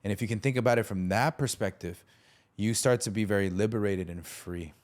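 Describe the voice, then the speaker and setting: A man's voice: on the low side, brisk. A man hosting a faith podcast, telling a story animatedly and acting out the people in it. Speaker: podcast host. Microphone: studio podcast mic.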